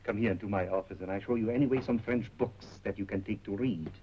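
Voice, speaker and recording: An actor playing a soft-spoken, coaxing shopkeeper with scheming motives in a 1930s film. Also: male voice, fairly low pitch, fast, natural voice. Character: smooth, scheming shopkeeper courting a young woman. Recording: muffled old 1930s film soundtrack with hiss.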